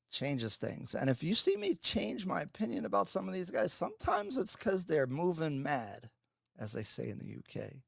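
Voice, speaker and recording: A man's voice: on the low side, no echo. Guy streaming live, chatty and self-mocking, voice jumps all over, dry close mic. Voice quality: gravelly, husky. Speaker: livestream host. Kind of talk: casual live stream chat. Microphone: headphones with mic.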